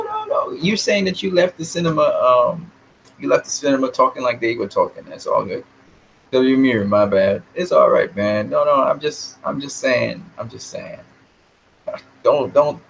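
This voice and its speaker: A man's voice: mid-range voice, gravelly, a little hiss or hum, low-quality recording. A man talking casually with his live chat about movies. He speaks in a rambling, opinionated way and often repeats words as he thinks. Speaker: live stream host answering chat.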